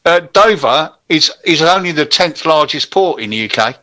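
A man's voice: a little high, lively intonation, normal speed, sharp tone. An English man co-hosting local radio, explaining things in a matter-of-fact, opinionated way. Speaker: radio co-host. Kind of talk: casual radio chat.

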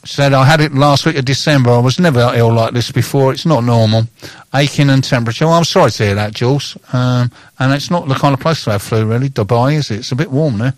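Male radio host, jokey, halting with fillers, dry close sound. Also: medium pitch, no echo. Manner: joking, hesitant, many fillers. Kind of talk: casual radio chat, reading tweets.

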